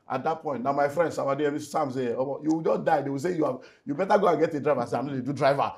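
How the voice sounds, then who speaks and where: A middle-aged Nigerian man, a pastor, telling an earnest, animated personal story in an interview and slipping into Pidgin. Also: fairly high pitch, racing, creaky, few pauses. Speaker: pastor and relationship speaker.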